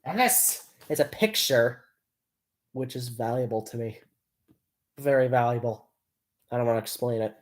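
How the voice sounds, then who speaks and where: A woman's voice: rumbling low, moderate pace, pauses often. A woman chatting casually on a live stream, rambling and giggling, with lots of fillers.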